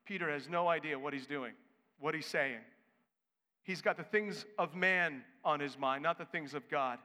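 Sex: man. Role: pastor. Style: sermon, emphatic and conversational. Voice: high. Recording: echoey hall. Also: moderate pace, pushed and bright.

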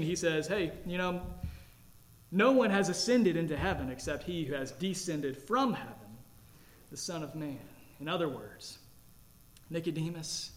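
A man pastor preaching a sermon, earnest, rising to emphatic declarations and dropping low and slow.

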